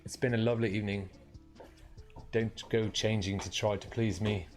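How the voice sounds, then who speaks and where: A man's voice: on the low side, level tone, normal speed, darkish tone, faint music behind. A man from Long Island, New York, chatting casually and rambling with lots of fillers as he wraps up a live coding stream. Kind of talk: casual chat to viewers.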